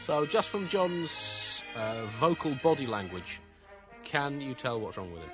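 A man co-hosting a comedy podcast, reading jokes in a deadpan, mock-solemn way and bantering. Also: mid-range voice, a little slow, over music. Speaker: co-host.

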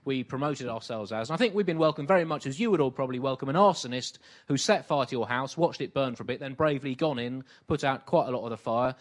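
A man performing deadpan satirical comedy, with a faux-serious tone and hesitant fillers. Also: medium pitch, quick pace, hardly any pauses. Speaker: comedy double act partner.

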